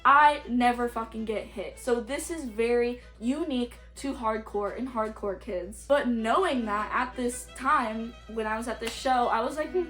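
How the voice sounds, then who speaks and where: A young woman with a slightly high voice tells stories for a casual vlog. She talks bluntly, swears freely and fills her sentences with "like." Faint music plays underneath. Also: measured pace, few pauses, a bit bright. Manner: blunt, profane, frequent "like" fillers. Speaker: YouTuber.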